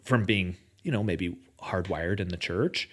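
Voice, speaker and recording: As a podcast guest in casual conversation, this man is reflective, using lots of fillers, circling back to restart his thoughts, and laughing lightly. His voice is deep and fairly bright, and he speaks unhurriedly.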